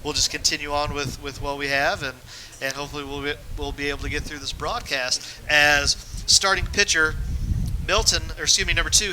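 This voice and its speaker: Man doing play-by-play, fairly high voice, very bright tone, chatty and jokey. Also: slight background noise, poor audio. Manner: chatty, jokey, quick with restarts. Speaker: play-by-play announcer. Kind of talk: youth baseball play-by-play commentary. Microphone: press box mic.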